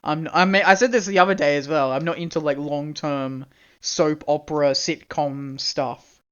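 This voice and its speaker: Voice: medium pitch, fairly even intonation, moderate pace, a bit bright, smooth, highs cut off. A young adult Australian live streamer chatting casually and rambling, laughing often and swearing freely.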